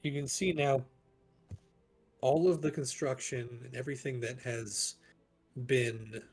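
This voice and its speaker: A man narrating as game master of a tabletop game, slow and halting. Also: mid-range voice, steady tone, darkish tone, husky.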